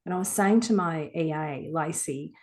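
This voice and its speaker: Frank woman, low-pitched. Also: normal speed, darkish tone. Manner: frank, reflective, earthy. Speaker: guest author. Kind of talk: casual interview talk.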